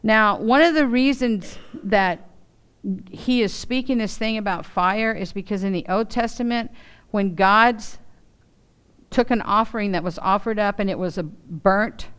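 A woman teaching a Bible lesson, reading scripture aloud and explaining it in a lively, expressive way. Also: mid-range voice, a little slow, clean tone. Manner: expressive, acts out quoted voices.

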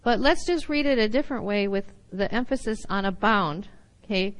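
A woman teaching a Bible lesson in sermon style, animated and laughing often, sometimes acting out little voices. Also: mid-range voice, normal speed, rough recording.

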